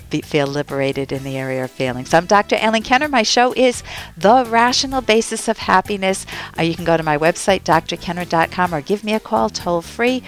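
A woman hosting a radio advice show as a psychologist, explaining feelings in an earnest, teacherly way. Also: fairly low pitch. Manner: earnest, explanatory, acts out quoted voices.

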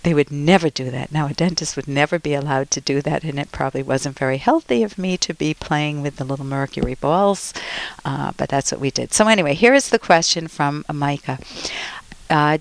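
An older woman hosting a radio advice show as a psychologist, chatty and gently encouraging, sometimes acting out playful quotes. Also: low voice, fairly quick, gravelly. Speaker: radio call-in psychologist host.

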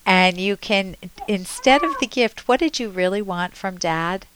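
A woman's voice: medium pitch, measured pace, noisy background. A woman radio therapist hosting a call-in show, earnestly coaching a caller with spoken examples.

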